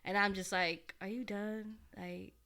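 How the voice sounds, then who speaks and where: A Puerto Rican woman, a podcast guest, chatting casually and telling animated parenting stories, acting out quotes in a raised voice. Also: mid-range voice, a little slow. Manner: animated storytelling, acts out quotes loudly. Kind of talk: casual chat.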